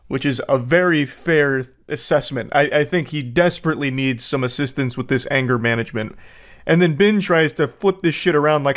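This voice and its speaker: A commentary host speaks at medium pitch and normal speed, reacting with sarcasm and disbelief as he reads messages aloud, peppering them with blunt profanity.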